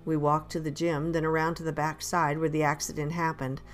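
Low-voiced woman narrating an audiobook. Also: level tone, brisk, faint music behind. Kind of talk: first-person audiobook narration.

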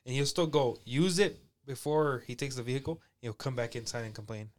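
Hesitant man, casual chat. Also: medium pitch. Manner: halting, hesitant, searches for words.

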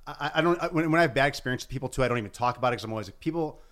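Bright-voiced man rambling in casual chat. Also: mid-range voice. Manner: rambling, halting, many restarts and likes.

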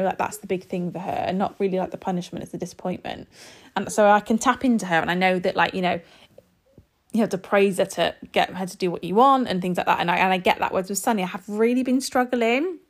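A woman in her thirties chatting casually to her viewers as a parent vlogger, rambling with lots of fillers and restarts. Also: mid-range voice. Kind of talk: casual chat to camera.

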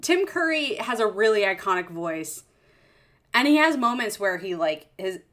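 A woman's voice: medium pitch, big pitch swings, moderate pace, a bit bright. A woman in her twenties co-hosting a podcast, chatty and casual, swearing freely. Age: 20s. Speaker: podcast co-host. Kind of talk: casual chat.

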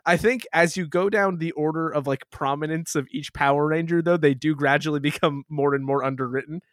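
Halting, rambling man reviewing a movie. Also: on the high side, fairly even intonation, dry recording, clean studio sound. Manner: rambling, halting, swears, laughs often. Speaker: podcast co-host. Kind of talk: casual movie review chat.

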